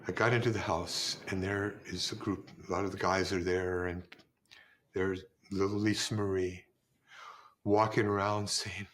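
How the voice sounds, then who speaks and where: A man's voice: low voice, fairly even intonation, moderate pace, a bit bright. A man interviewed for a documentary, retelling a memory vividly in the present tense.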